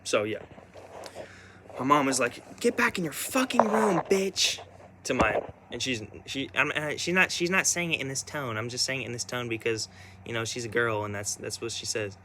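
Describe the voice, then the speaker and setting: A young man telling a personal story in a rambling, halting way, full of restarts and fillers. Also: medium pitch, noisy background.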